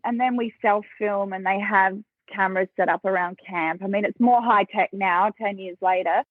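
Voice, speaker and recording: Lively Australian woman on a tinny line. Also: medium pitch, moderate pace, dry recording. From South Australia. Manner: lively storyteller, acts out quoted voices, laughs often. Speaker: podcast guest. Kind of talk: casual interview storytelling. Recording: thin phone-like dry sound.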